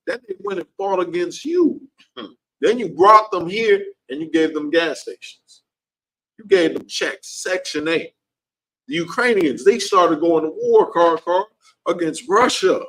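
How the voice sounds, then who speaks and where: A man's voice: big pitch swings, unhurried, a bit bright, slight background noise, rough recording. Fiery man preaching to a class. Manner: heated, repetitive, pitch leaps up when worked up. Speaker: class teacher.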